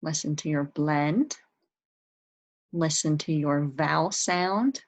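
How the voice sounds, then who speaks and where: A woman's voice: deep voice, slow pace, rough recording. A woman teaching a spelling lesson to young children, patiently sounding out words and spelling them letter by letter. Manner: patient, encouraging.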